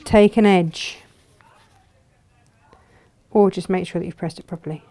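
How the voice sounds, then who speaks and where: A woman's voice: lowish voice, fairly even intonation, measured pace, warm tone. A woman hosting a live textile craft demonstration, chatting and thinking aloud as she works.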